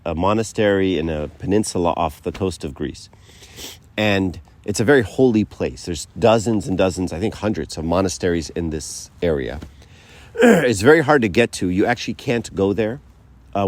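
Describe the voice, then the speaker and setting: Deep-voiced man giving a chatty talk. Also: darkish tone. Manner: conversational, many fillers and asides like "right?"; tells stories by acting out quotes. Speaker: speaker giving a faith talk. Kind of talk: casual teaching talk to a group.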